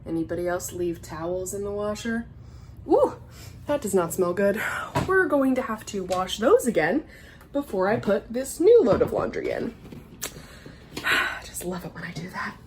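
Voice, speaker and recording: A woman's voice: mid-range voice, normal speed, noisy background. Chatty young woman vlogging at home. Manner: chatty and excitable, with laughs and whispered asides. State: stuffy with a sinus infection. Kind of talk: casual vlog chat to camera. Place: at home, in a house. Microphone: handheld camera filming herself.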